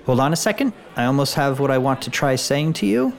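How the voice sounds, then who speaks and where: A man learning German in a casual lesson, curious and playful, trying out phrases haltingly. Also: medium pitch, big pitch swings, creaky. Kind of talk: casual language lesson chat.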